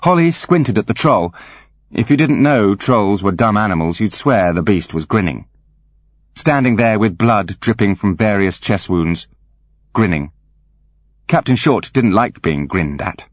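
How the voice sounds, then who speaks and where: A man narrating an audiobook with wry, animated storytelling. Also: fairly low pitch, measured pace, dry recording. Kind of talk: scripted narration.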